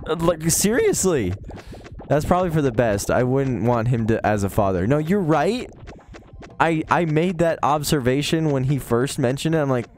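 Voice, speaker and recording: A man's voice: on the high side, lively intonation, moderate pace, darkish tone, soft background music. A man telling rambling, profane anecdotes in casual chat on a live stream, with chuckles along the way.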